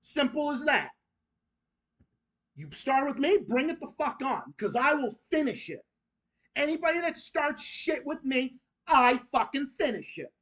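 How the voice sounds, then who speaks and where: A man's voice: very high-pitched, big pitch swings, measured pace, a bit bright. A man hosting his own channel, delivering an angry, profane, repetitive rant that goes straight at his critics. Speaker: channel host.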